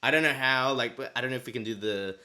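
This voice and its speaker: A man's voice: mid-range voice, fast, sharp tone. A young man co-hosting a podcast, telling a story in casual chat and acting out his own past thoughts. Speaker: podcast co-host.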